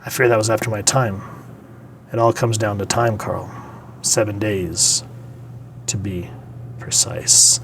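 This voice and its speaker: A man reading out the lines of a stiff, old-fashioned male sorcerer in a lowered, formal delivery. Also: steady tone, measured pace, pauses often, background noise.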